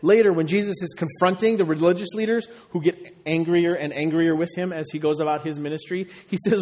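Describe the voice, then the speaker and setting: A man with a high voice preaches to his congregation, talking conversationally and asking rhetorical questions. His words ring out with the long reverb of a big church hall. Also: steady tone, brisk, hardly any pauses, darkish tone. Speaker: pastor. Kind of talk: sermon.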